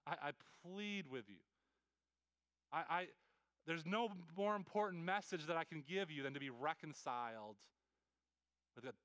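A man preaching a sermon as a pastor, earnest and pleading, with many quick restarts and repeated words. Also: a little high, animated, fairly bright tone, clear, resonant tone, dry recording.

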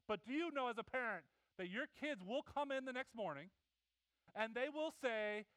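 A middle-aged man preaching a sermon, telling animated family stories and acting out the voices of his kids and wife. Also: very high voice, normal speed, smooth, no room sound, rough recording. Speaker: pastor.

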